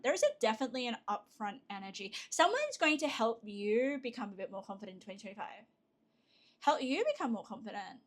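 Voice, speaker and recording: A woman giving a pick-a-card tarot reading to her viewers, chatty and excitable, with frequent fillers and restarts. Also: fairly high pitch. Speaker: tarot reader.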